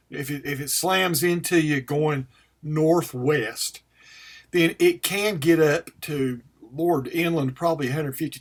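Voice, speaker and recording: Hoarse man with a Western North Carolina mountain accent. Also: fairly high pitch. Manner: folksy and rambling, often clears throat. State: slightly hoarse. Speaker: vlogger. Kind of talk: casual talk answering a viewer question.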